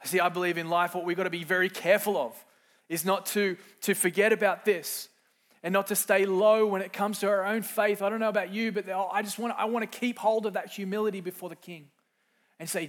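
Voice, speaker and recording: Middle-aged pastor guy preaching, fairly high voice, gets loud and emphatic, acts out voices. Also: steady tone, brisk. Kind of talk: sermon.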